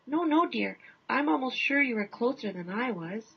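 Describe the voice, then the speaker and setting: A man's voice: very high-pitched, animated, creaky, slightly rough, exaggerated voice. A woman doing a hedging, modest Canadian man. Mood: hesitant. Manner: hedging, halting, understated. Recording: dull lo-fi recording.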